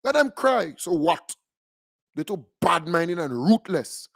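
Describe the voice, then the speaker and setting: A man with a Grenadian accent rants through political commentary on the radio, fiery and mocking, picking fights as he goes. His voice sits notably high, and the sound is close and completely dry, with no room around it. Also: sing-song, slow pace, gravelly, no echo. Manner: fiery, mocking and combative rant.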